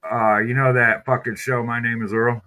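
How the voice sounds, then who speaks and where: A laid-back man co-hosting a podcast, with a bright, forceful voice at a middle pitch. He asks easygoing questions and rambles through his answers, swearing casually. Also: flat delivery, moderate pace. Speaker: podcast co-host. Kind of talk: casual chat.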